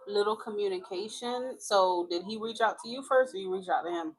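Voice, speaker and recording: A woman's voice: medium pitch, brisk. A woman giving a chatty tarot reading, frank and talkative, laughing often. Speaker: tarot reader.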